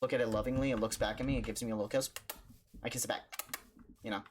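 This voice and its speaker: A man who streams, telling a jokey story in a casual, animated way, stumbling over restarts and acting out the voices in his story. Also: medium pitch, fast, slight background noise. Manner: animated, jokey, with stammered restarts and acted-out quotes.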